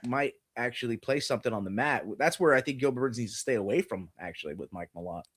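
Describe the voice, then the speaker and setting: A podcast co-host with a medium-pitched, fairly bright voice talks fast. He chats casually about fight betting, sprinkling in lots of "you know" fillers.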